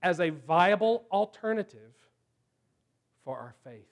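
Guy preaching a sermon, high voice, takes it slow w big pauses. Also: expressive.

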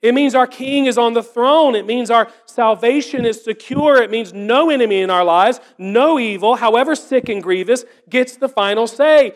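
A pastor with a very high-pitched voice preaches an earnest, rhetorical sermon at normal speed, with few pauses. He asks repeated questions and drops into a hushed voice at times.

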